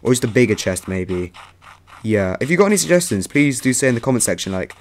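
A man's voice: mid-range voice, very animated, fast. A young man rambling chattily through casual gameplay commentary as a let's play host, breaking into sudden yelps.

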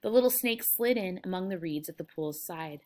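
A woman's voice: lowish voice, animated, moderate pace, mellow. A woman English teacher reading a novel aloud and explaining it to her students, with frequent fillers.

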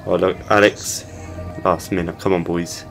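A man's voice: deep voice, flat delivery, moderate pace, vocal fry, over music. A young man giving casual gameplay commentary and heckling the game characters. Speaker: gaming channel host.

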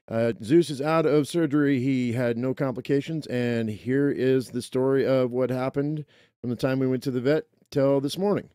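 A man vlogging on a phone camera, chatting casually and cooing at his dog in a higher, softer voice. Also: fairly even intonation, normal speed, clear, resonant tone.

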